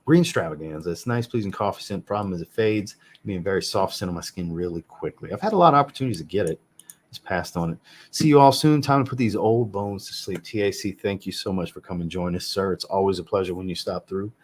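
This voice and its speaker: A man with a fairly low voice chats casually on a home livestream. He answers viewers in a blunt, joking way and swears freely. He sounds like a man in his thirties. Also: fast talker, husky. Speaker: fragrance reviewer hosting a live chat. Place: home room with a fragrance shelf.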